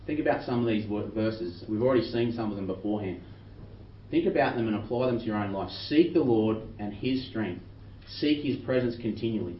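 Male pastor, earnest sermon delivery, miked from afar in a roomy church. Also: mid-range voice. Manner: earnest, reads scripture slowly with rising emphasis. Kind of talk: sermon with scripture reading. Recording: roomy distant dull recording with faint noise.

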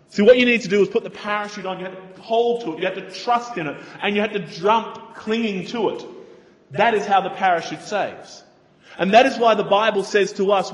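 A male preacher gives an earnest, emphatic sermon in a fairly high voice. He slows down on his key points, and his words carry a long echo through the church hall.

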